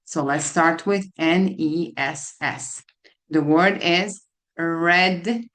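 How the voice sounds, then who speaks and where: A woman tutor teaching a phonics lesson to children, spelling out letters and repeating each word slowly. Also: on the low side, fairly bright tone. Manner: slow, deliberate, spelling out letters and repeating words. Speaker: literacy tutor.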